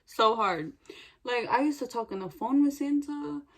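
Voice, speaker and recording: A young woman vlogger chatting casually while doing her makeup, telling a story animatedly with sudden loud bursts. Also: fairly high pitch, normal speed. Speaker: beauty vlogger.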